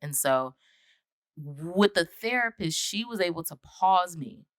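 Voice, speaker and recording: A woman's voice: on the low side, lively intonation, slow pace, no echo, studio quality. A woman from the United States, a podcast guest, telling her personal story in an earnest way and acting out past conversations. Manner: earnest, reenacts past conversations in quoted voices.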